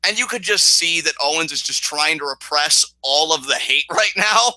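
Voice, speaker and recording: A man co-hosting a casual wrestling review podcast, excitable and swearing as he recaps. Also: a little high, moderate pace, no echo, poor audio. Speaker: podcast co-host.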